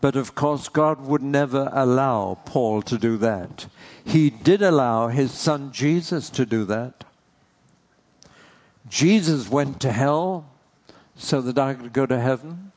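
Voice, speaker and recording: Slow, earnest male preacher. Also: mid-range voice, darkish tone. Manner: slow, earnest, asks rhetorical questions. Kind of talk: sermon.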